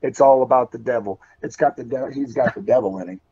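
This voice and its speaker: A man's voice: mid-range voice, fast, warm tone, breathy edge. A man from West Virginia cutting an intense, folksy in-character wrestling promo. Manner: folksy and intense, calls people brother. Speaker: pro wrestler. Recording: dull lo-fi audio.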